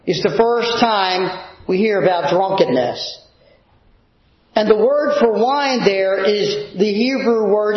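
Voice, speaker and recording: A man preaching a sermon to his congregation from the pulpit, asking the room rhetorical questions. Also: high voice. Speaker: pastor. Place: church sanctuary. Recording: echoey, dull church recording.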